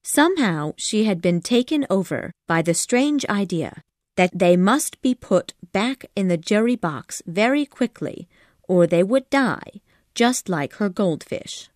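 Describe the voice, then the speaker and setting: A woman narrating an abridged classic storybook audiobook in a calm, measured reading. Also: mid-range voice, no room sound, clean studio sound.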